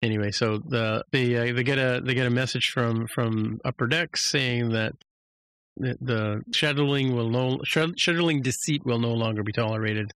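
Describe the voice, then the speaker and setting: A man's voice: mid-range voice, moderate pace, fairly bright tone, no room sound, low-quality recording. Rambling man recapping an episode, dry sound. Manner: rambling, many restarts and fillers, acts out quotes. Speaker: podcast host.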